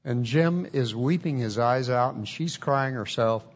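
A man's voice: medium pitch, measured pace. A man preaching a testimony in an earnest, folksy storytelling way, on a dull lo-fi recording.

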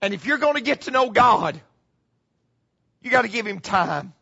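A middle-aged male pastor delivers a dramatic sermon in a high, bright, gravelly voice with a husky edge. He repeats his key phrases and sinks to hushed tones. The recording is muffled and slightly lo-fi. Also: lively intonation, normal speed.

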